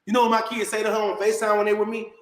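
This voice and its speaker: A man's voice: high-pitched, monotone, rapid-fire, reverberant. A man venting in a heated rant to the camera, indignant and repetitive, calling his viewers bro. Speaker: vlogger.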